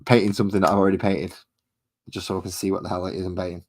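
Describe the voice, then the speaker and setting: A man's voice: low voice, level tone, rapid-fire, low-quality recording. A man chatting casually and thinking aloud, a little self-deprecating, while he paints miniatures at his hobby desk at home.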